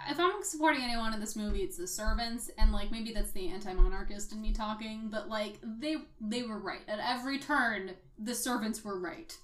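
A woman co-hosting a casual film chat, animated and swearing freely. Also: medium pitch, normal speed, hardly any pauses. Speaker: podcast co-host. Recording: roomy echo.

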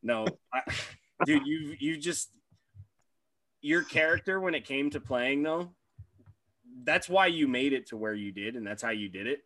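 Man, podcast co-host, crude animated storytelling, forceful bright voice, dry sound. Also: mid-range voice, a little slow, pauses often, dry recording. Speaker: podcast co-host, former hockey player. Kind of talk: casual podcast chat.

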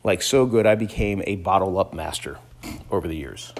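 A man's voice: sits low, animated, moderate pace. A man in his thirties, a father telling a story in a casual, conversational way, with frequent restarts. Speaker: father talking to camera. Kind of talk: casual vlog monologue.

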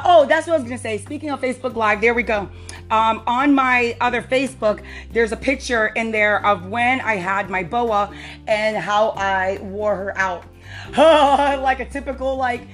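A young adult woman hosting a podcast, chatting casually and telling a story, laughing often and acting out the voices she quotes. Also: on the high side. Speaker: podcast host. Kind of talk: casual chat.

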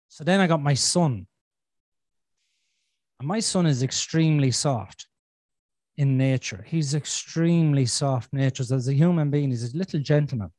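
A man's voice: fairly high pitch, moderate pace, darkish tone, no echo. A man, hosting a casual podcast conversation, blunt and sweary, acting out his own inner voices. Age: 40s. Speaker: podcast host.

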